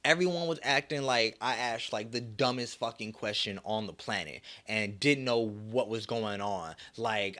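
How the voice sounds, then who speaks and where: A young man hosts a solo podcast and rants about his pet peeves. He swears freely and mimics the people he complains about in mocking voices. His voice sits at an ordinary middle pitch for a man. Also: normal speed, hardly any pauses. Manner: profane, animated ranting with mocking quoted voices. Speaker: podcast host.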